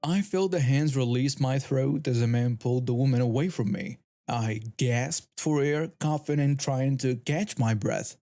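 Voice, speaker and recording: A man giving a steady, scripted first-person narration of a story. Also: on the high side, normal speed, few pauses.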